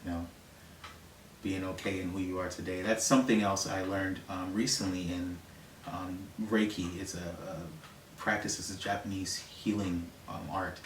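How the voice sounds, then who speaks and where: A trans man telling personal stories in a relaxed interview, soft-spoken and given to bursts of laughter. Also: low-pitched, normal speed, reverberant, distant mic, a little hiss or hum. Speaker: interview guest. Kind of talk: relaxed storytelling.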